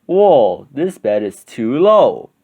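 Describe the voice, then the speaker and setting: Guy doing old santa, jolly, slow and stretched out, storybook voice. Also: mid-range voice, big pitch swings, a little mellow. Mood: fussy. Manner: slow, drawn-out exclaiming.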